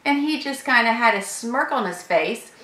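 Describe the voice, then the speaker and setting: Bright-voiced woman telling a story. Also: on the high side, moderate pace, echoey room. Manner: animated, acts out both sides of conversations. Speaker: sales professional. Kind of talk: storytelling to camera.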